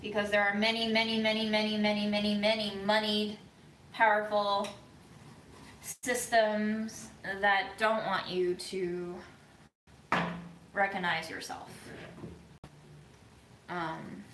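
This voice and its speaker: A woman vlogger giving an earnest, thoughtful monologue, speaking slowly with frequent pauses and ums. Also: medium pitch, little pitch movement, echoey room, background noise. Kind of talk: reflective monologue.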